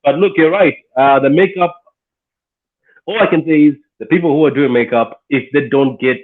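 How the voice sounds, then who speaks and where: A man guesting on a casual film review chat, speaking emphatically and getting excitable, with a husky voice. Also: fairly high pitch, moderate pace. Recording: tinny phone-like line.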